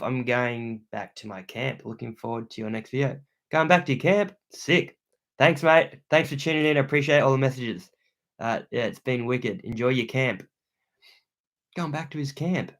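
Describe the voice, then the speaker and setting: A young Australian man hosting a livestream from a room at home, reading viewer comments aloud and thanking them in laid-back slang. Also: mid-range voice. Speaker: outdoor channel host.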